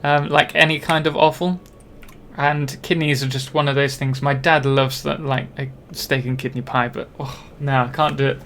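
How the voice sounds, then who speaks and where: A man's voice: medium pitch, flat delivery, moderate pace, sharp tone, a little hiss or hum. Chatty young man streaming a game. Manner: rambling, chatty, self-deprecating, many ums and restarts. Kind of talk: casual live-stream chat while playing.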